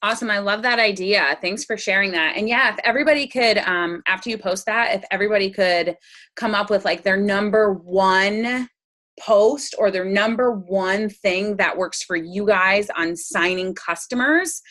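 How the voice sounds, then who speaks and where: A woman hosts a team video call in an upbeat, encouraging way, praising ideas and calling for more. Her voice sits at a middling pitch. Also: moderate pace, a bit bright. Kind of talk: casual video call talk.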